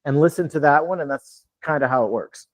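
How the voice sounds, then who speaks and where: A man in his fifties, his voice a little high and fairly quick, runs a live online Q&A coaching people on real estate investing. He talks plainly and casually in a lighter "customer service" voice than his everyday one, checking in with "you know what I'm saying." There's no room sound on the recording.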